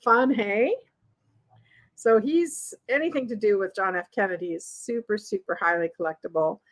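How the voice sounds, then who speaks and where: A woman's voice: medium pitch, normal speed, rough recording. Chatty woman showing off vintage finds. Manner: chatty, keeps asking viewers questions; laughs often, light and upbeat. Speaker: vintage ephemera seller and channel host. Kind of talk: casual show-and-tell to camera.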